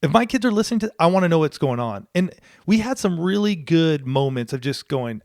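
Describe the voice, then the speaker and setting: A man's voice: fairly high pitch, lively intonation, a little fast, a little mellow, no echo, clean studio sound. A middle-aged man co-hosting a talk podcast, speaking earnestly and emphatically, often repeating words. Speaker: podcast co-host. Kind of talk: casual chat.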